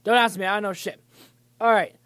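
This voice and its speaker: A man's voice: sits high, fairly even intonation, a little fast, a bit bright, no echo, clean studio sound. Rambling young man hosting a livestream. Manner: rambling, many fillers and restarts. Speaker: livestream host. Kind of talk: casual gaming news chat.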